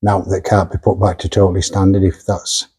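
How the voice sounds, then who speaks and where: A workshop owner hosts a car vlog, walking around vehicles while bantering bluntly, joking, and laughing often. His low, dark voice is slightly rough, with a flat delivery at a somewhat quick pace.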